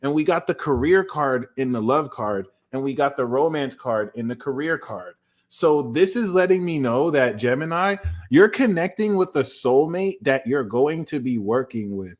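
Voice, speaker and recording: An animated man talks through a tarot spread in a loose, conversational way. He speaks straight to his viewers and throws in slangy asides. His voice sits at an ordinary middle pitch for a man. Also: moderate pace. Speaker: tarot reader. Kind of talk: casual tarot reading.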